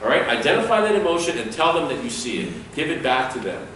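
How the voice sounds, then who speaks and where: Male security trainer lecturing a class, animated delivery, recorded far off in a boomy room. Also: fast, slight background noise. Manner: lively, demonstrates dialogue with acted lines. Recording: echoey room, speaker far from mic.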